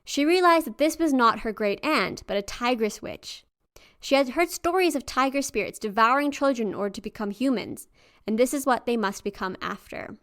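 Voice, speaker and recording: A woman co-hosting a podcast, reading a folktale aloud and chatting between passages in a lively way, laughing easily. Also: fairly high pitch, moderate pace. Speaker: podcast co-host and storyteller. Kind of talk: story reading and casual chat.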